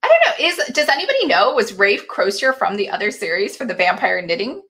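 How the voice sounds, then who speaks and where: A woman's voice: medium pitch, big pitch swings, fairly quick, fairly bright tone. A woman hosting a casual live book club chat, laughing often and reading viewer comments aloud.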